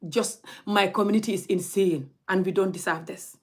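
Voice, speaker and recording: A woman's voice: medium pitch, fairly even intonation, moderate pace. Heated, scolding woman. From Gambia. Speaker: vlogger. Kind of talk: direct-to-camera rant.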